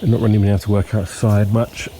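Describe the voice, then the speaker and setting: A man with hay fever, sniffling and clearing his throat, casually narrating a walking tour outdoors at dawn. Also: fairly low pitch. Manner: relaxed, unhurried, frequent ums and pauses. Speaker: homestead vlogger. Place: outdoors in a countryside yard at dawn. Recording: faint outdoor noise with birds. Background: birdsong and insects.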